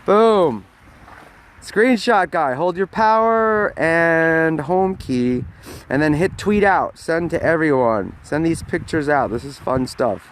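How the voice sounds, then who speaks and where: A man's voice: a little high, lively intonation, slow pace, slight background noise. Joking New York man streaming outdoors in snow. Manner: joking, chatty, talking to viewers while walking in snow. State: cold, freezing. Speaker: live-stream host. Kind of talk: casual live-stream chat. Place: outdoors on a snowy city street. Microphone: phone held in hand.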